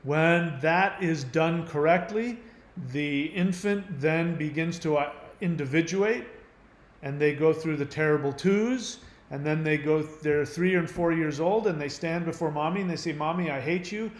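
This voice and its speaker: A man's voice: on the high side, a little slow. A man hosting his channel, explaining in an earnest, emphatic monologue. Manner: earnest, emphatic, acts out quoted voices. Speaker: channel host. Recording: roomy echo.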